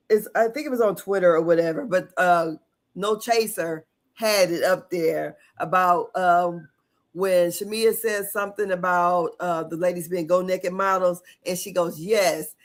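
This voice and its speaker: Co-host, woman, mid pitch, blunt, salty, casual chat. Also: unhurried. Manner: blunt and salty, swears freely. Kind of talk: casual chat about reality TV.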